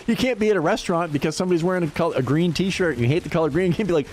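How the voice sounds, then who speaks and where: There's slight background noise as a man in his fifties, high-voiced and fairly quick, chats casually on his livestream. Animated and profane, he laughs often.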